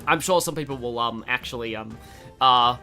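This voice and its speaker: Over faint background music, a gaming streamer with an Australian accent chats casually while playing, rambling and often restarting sentences or using fillers. The voice sits at medium pitch, moves at normal speed, and sounds pushed and bright.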